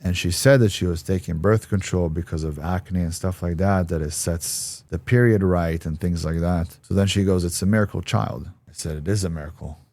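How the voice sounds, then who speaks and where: A man's voice: low voice, moderate pace, hardly any pauses, mellow, no echo. A man giving an interview, telling a personal story bluntly and acting out the voices of people he quotes. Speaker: interview guest.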